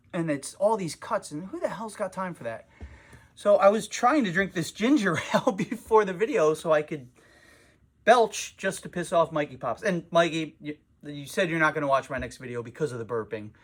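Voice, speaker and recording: A man's voice: fairly high pitch, a bit bright. A man who runs a comic shop, venting in a casual vlog with a profane, self-mocking manner, recorded in his shop.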